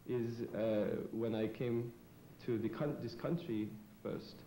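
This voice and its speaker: A man speaks with a put-on foreign immigrant accent, halting and hesitant, full of fillers and restarts. His voice is mellow and soft-edged. It carries the echo of a roomy studio over a faint hiss. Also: mid-range voice, steady tone. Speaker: comedian guest. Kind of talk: in-character talk show interview.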